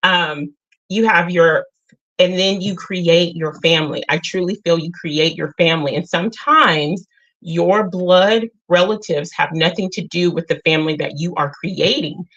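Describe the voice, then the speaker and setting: A woman hosting a casual spiritual livestream, talking unhurried and earnest, with many filler sounds. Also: on the low side, a bit bright, muffled recording. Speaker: livestream host.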